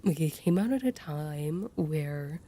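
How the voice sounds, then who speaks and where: Low mellow-voiced woman chatting while she plays, laid-back, faint background noise. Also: animated, slow pace. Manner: chatty, offhand. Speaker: gamer streamer. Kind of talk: casual gameplay commentary.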